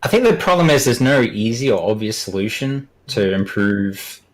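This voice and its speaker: A man co-hosting a casual gaming podcast, laying out his views in a measured, analytical way. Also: on the low side, lively intonation. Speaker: podcast co-host.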